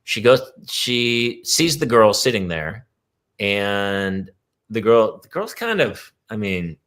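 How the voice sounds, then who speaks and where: A man's voice: lowish voice, very animated, takes it slowly, a bit bright. A middle-aged man telling a parenting story on a livestream chat, acting out his kids' voices as he goes. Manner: acts out his kids' voices in quoted lines. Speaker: podcast co-host. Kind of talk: casual chat, animated storytelling. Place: home, on a livestream. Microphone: video call.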